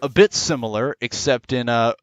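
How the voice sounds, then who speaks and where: A man's voice: mid-range voice, moderate pace, clear, resonant tone, dry recording. A young man telling a long rambling story casually while gaming, full of fillers. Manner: rambling, lots of "you know" and "uh".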